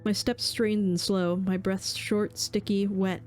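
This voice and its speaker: Casting: woman streamer, mid-pitched, somber dramatic game reading, faint music underneath. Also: flat delivery, slow pace, darkish tone. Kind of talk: reading a horror visual novel aloud.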